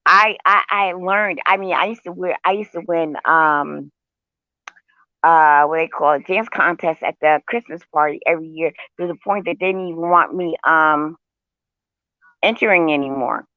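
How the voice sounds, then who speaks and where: An older woman chatting casually and telling lively stories, calling her listener honey. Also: deep voice, moderate pace, no room sound. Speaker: host. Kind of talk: casual storytelling chat. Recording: dull lo-fi sound.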